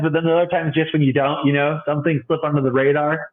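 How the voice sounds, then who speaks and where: A man's voice: fairly high pitch, fast talker. A young man, a bi-vocational youth pastor, chatting casually as a podcast guest and acting out the voices in his stories. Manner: animated storyteller, acts out quoted voices, laughs often. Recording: tinny phone-like line.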